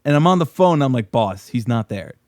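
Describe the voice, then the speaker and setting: A man's voice: medium pitch, big pitch swings, fairly quick, darkish tone, dry recording, studio quality. Rambling man telling a story. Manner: rambling, swearing, laughing while telling; acts out quoted voices. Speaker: podcast guest telling a story. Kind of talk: casual storytelling. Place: podcast studio.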